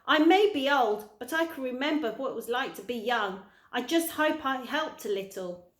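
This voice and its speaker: A woman's voice: high-pitched, animated, normal speed. A woman reading as a kindly old tramp. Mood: gentle, kindly. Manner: gentle, old-fashioned politeness. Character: kindly old male tramp, polite and wise. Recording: roomy echo.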